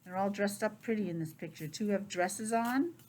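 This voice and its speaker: Middle-aged teacher, expressive and talkative, reads aloud to preschoolers in a classroom. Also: female voice, mid-range voice, moderate pace, slight background noise. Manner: chatty, expressive, drifts into personal asides. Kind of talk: reading aloud and chatting to young children.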